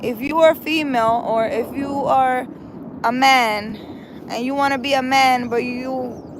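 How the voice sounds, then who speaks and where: A woman's voice: high-pitched, steady tone, unhurried. A woman from New hosting a casual live stream, reading out viewer comments and answering them frankly, with lots of fillers. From United States. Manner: chatty, frank, talks straight to viewers with many fillers. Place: outdoors in a city. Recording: outdoor wind and traffic noise.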